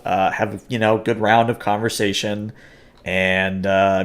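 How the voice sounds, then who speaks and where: A man runs a tabletop game, narrating scenes and explaining rolls. He talks in a low voice and hesitates often, filling gaps with filler sounds. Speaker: game master.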